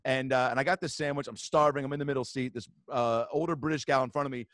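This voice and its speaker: A man telling a comic story with animated, profane energy, bouncing quickly through the details. His voice sits in an ordinary middle range. It is recorded close and dry on a studio podcast mic. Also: mid-range voice, no room sound. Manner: lively, profane, fast-rolling anecdotes. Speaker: comedian guest.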